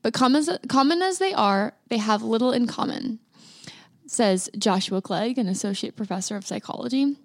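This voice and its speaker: A woman's voice: a little high, animated, moderate pace, no room sound. A woman co-hosting a podcast, speaking in a thoughtful, earnest way and reading an article aloud. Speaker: podcast co-host.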